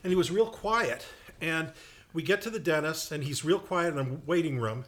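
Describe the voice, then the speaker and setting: A man chatting on a podcast in a halting, hesitant way with a dry delivery. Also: fairly high pitch. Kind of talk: casual chat.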